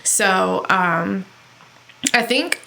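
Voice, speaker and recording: Young woman podcast co-host, bright forceful tone, animated storyteller who acts out quotes. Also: medium pitch, drawn-out words, gravelly. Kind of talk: casual chat.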